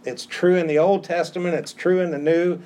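A man preaches a sermon with a slightly raised pitch. He stresses his points by repeating key phrases. Now and then he drops into casual asides to his listeners. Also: steady tone, a little fast, dark tone. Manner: conversational asides. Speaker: pastor.

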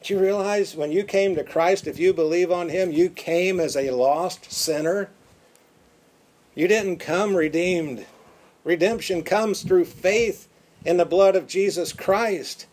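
Here a high-voiced man preaches forcefully, saying words again for emphasis, then drops low into slow, drawn-out lines.

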